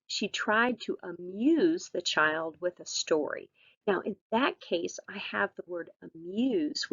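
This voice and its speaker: A woman's voice: fairly low pitch, no echo, highs cut off. A woman teacher giving a recorded vocabulary lesson, patient and encouraging, with frequent ums and all-rights.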